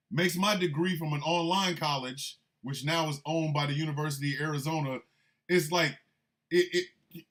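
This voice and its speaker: A man's voice: a little high, lively intonation, normal speed, a bit bright. A man hosting a show of comedic political commentary, talking in an emphatic, mocking way. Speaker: host.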